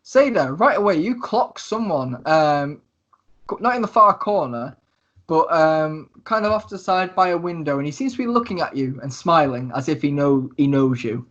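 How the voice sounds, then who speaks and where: A man narrating a tabletop game as game master, describing scenes with many pauses and fillers. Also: fairly high pitch, animated, a bit bright, lo-fi sound.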